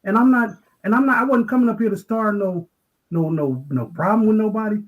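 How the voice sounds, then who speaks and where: Quick, insistent man pressing his point. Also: high voice, phone-quality sound. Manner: insistent, repeats phrases. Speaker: guest on a livestream debate. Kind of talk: heated argument.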